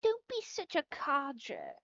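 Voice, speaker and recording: A woman's voice: high voice, very animated, slow, fairly bright tone, dry recording, voice pushed up, full character voice. A woman voicing a prim, huffy British lady in a put-on British accent, scolding theatrically. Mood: indignant. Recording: dull lo-fi stream audio.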